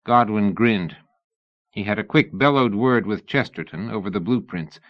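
A man giving steady scripted audiobook narration in a dull lo-fi recording. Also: lowish voice, normal speed, dry recording.

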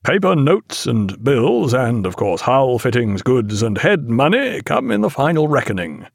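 A man's voice: mid-range voice, big pitch swings, measured pace, gravelly, no echo, studio quality, heavily acted. A man voicing a genial sea captain addressing his crew in a hearty, commanding manner in an audiobook reading.

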